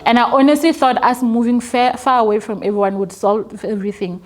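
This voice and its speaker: A woman's voice: medium pitch, fast, few pauses. Young woman, interview guest, earnest and emotional storytelling. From South Africa. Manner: earnest, emotional, repeats words when moved.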